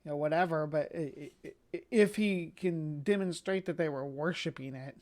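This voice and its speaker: A woman with a fairly low voice gives casual commentary. She fires off sarcastic, teasing asides as a video plays. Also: normal speed, darkish tone. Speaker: co-host.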